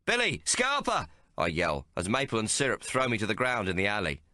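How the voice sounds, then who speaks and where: A man narrating an audiobook in the first person with rough, colloquial frontier dialect. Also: on the low side, animated, fast talker, sharp tone, no echo, clean studio sound.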